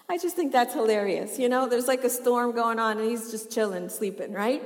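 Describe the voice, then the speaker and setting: A woman's voice: fairly high pitch, measured pace, in a large hall. A woman preaching a sermon, chatty and laughing often, asking the congregation questions as she reads from the Bible.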